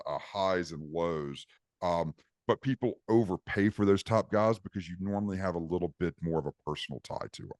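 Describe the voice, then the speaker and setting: A man with a deep voice co-hosts a podcast in casual chat, explaining things at length and restarting his sentences many times. The audio is studio quality with no echo.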